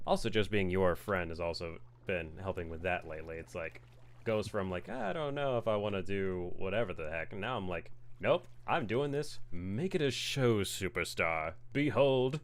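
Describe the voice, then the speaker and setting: A man chatting casually while streaming a game, animated and acting out his own thoughts in little quoted voices. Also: deep voice, normal speed. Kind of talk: casual chat while gaming.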